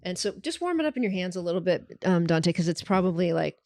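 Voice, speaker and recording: A woman's voice: on the low side, sing-song, fast talker, vocal fry, dark tone, dry recording. A woman hosting a podcast in casual chat, giggly and chatty. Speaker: podcast host.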